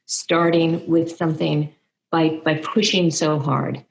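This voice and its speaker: A woman's voice: sits low, steady tone, takes it slowly, gravelly, poor audio. A woman moderating a college alumni panel, effusive and openly emotional with praise. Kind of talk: panel discussion.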